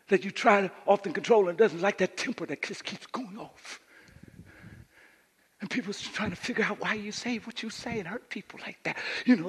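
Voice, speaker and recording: A man from Louisiana, preaching a sermon as pastor and swinging between quiet asides and shouted lines. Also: high-pitched, slightly rough. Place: church sanctuary. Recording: live church hall reverb.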